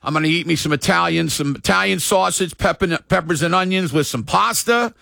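A middle-aged man hosting casual sports talk, excitable, shouting and drawling words for emphasis. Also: high-pitched, brisk, vocal fry, no room sound.

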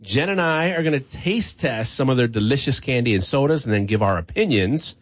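A man's voice: medium pitch, lively intonation, brisk, no room sound, studio quality. Easygoing male radio morning host. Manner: easygoing, chatty, laughs often. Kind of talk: casual radio chat, taste-testing candy. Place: radio studio. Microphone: studio microphone.

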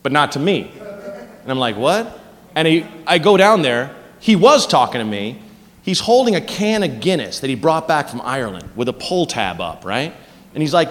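A man doing stand-up storytelling, animated, dropping to low mutters and then bursting into loud shouts. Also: moderate pace, big-room sound. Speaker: stand-up comedian.

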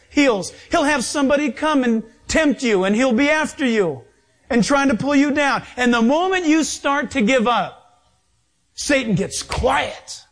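A man preaching a sermon in a lively, animated way, acting out voices as he goes. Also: very high-pitched. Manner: animated, acts out voices and quotes.

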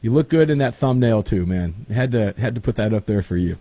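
A man's voice: lowish voice, brisk, no room sound. A man hosting a casual talk show, telling folksy stories with lots of energy. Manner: folksy, animated storytelling. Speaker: show host.

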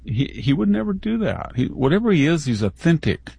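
A man's voice: on the high side, sing-song, a little fast, vocal fry, warm tone, breathy edge. A man giving indignant, opinionated talk as a guest, often restarting mid-word.

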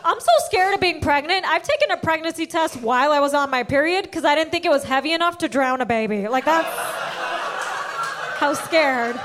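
A woman with a high voice performs a stand-up set. She tells her story with lively, animated delivery and punchlines that break into laughter, recorded on a comedy club stage. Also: brisk, slight background noise.

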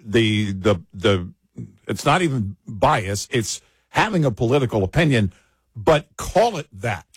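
Male talk radio co-host, low husky voice, lively intonation, halting restarts, dry studio. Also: no echo. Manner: frequent agreeing interjections, halting restarts. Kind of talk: casual political talk.

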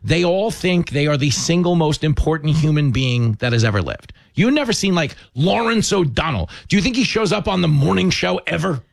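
An American man TV host chatting casually, emphatic and animated as he makes his points. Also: fairly high pitch, a little fast, vocal fry, hardly any pauses, no room sound. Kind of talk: casual chat.

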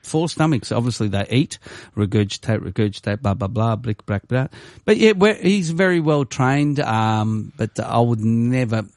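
A man's voice: medium pitch, normal speed, dry recording, studio quality. A male radio host, telling a story in casual chat and acting out the people in it. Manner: animated, swings into quoted voices, laughs easily. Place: radio studio.

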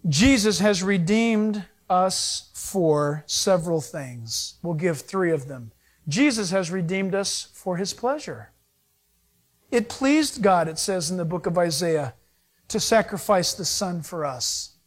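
A male pastor delivers a sermon in a notably high voice that leaps up and down with energy. He jokes with his listeners and acts out little exchanges between people as he goes. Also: lively intonation, slow pace.

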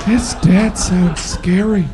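A man performing a stand-up comedy set, animated and slipping into mock voices for his bits. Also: high voice, slow pace, crowd noise, background noise.

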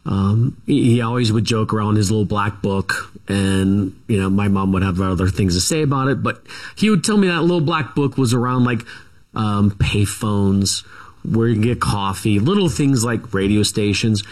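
Picture a middle-aged man with a fairly low voice, talking through his childhood in a loose, meandering way. He keeps stopping to restart his sentences and fills the gaps with "um" and "you know." This is a guest's relaxed interview storytelling. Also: moderate pace. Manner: rambling, many fillers and restarts. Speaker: guest author.

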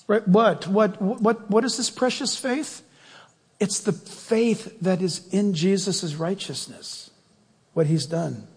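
A man preaching a sermon in a church, animated and emphatic, firing rhetorical questions at the congregation. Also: high-pitched, vocal fry, husky, long reverb tail. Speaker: pastor.

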